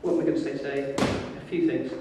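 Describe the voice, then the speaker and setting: A man preaching a sermon in lively, informal storytelling, acting out the voices of the people in the story. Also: medium pitch, fairly quick, noisy background. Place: church. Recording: echoey hall from far off.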